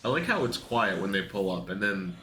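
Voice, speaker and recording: A young man in casual, profane reaction commentary, excitable and laughing, mocking the characters in put-on voices. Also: low voice, a little fast, slight background noise. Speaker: anime reaction youtuber. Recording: echoey room.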